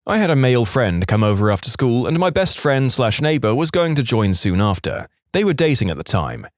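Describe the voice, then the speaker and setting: A man reading submitted stories aloud in an animated storytelling manner on a close studio mic. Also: medium pitch, a little fast, no echo. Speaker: story narrator.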